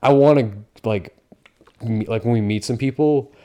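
A man's voice: medium pitch, moderate pace, mellow, clear, resonant tone. A man co-hosting a podcast in casual, rambling chat full of fillers and swearing. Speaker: podcast co-host.

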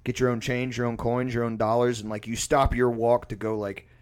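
A man spins a long, rambling story in casual chat, cursing freely and breaking into laughter. His voice is mid-pitched and ordinary for a man, loose and unpolished. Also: flat delivery, a little fast, darkish tone, smooth. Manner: rambling, profane, laughing often. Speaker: musician.

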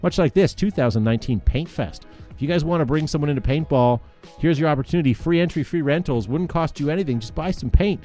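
A man's voice: a little high, fast, few pauses, dark tone, faint music behind. A man hosting a casual paintball podcast, reading out event announcements in a chatty way with frequent fillers and laughs. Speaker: podcast host.

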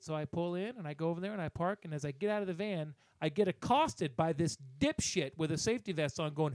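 Animated, swearing man telling a rant. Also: high-pitched, quick pace, hardly any pauses, no room sound. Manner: animated, profane, acts out other people's lines. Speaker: podcast co-host. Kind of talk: casual storytelling rant.

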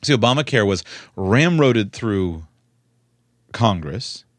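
A man giving spoken commentary in a measured, earnest way, repeating words for emphasis. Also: on the low side, sing-song, no room sound.

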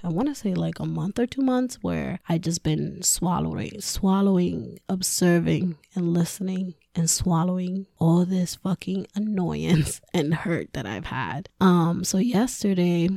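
Mom podcaster woman just venting, swears a lot, kinda low and gravelly, mellow dark tone. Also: measured pace, few pauses, no echo, studio quality. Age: adult with a school-age daughter. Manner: candid and profane, laughs often. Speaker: podcast host. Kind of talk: casual personal rant.

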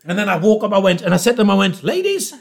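A man telling a comic story, animated, acting out the voices and swearing freely. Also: sits high, rapid-fire, vocal fry.

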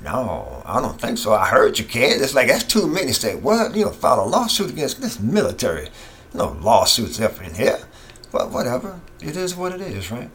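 A man's voice: mid-range voice, wildly swooping pitch, normal speed, a bit bright, a little hiss or hum. A middle-aged man giving an impassioned, repetitive opinion monologue as a political commentator. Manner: impassioned, ranting, repeats himself.

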